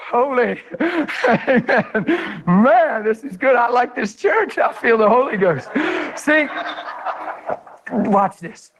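A man preaching an energetic sermon, swinging from shouted high peaks to quiet low asides, often laughing between lines. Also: slow pace, pauses often, rough recording.

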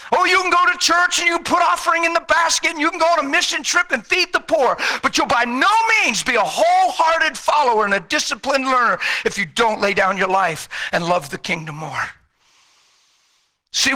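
A male preacher delivering a fervent, exhorting sermon, rising to shouts and then falling low and intense.

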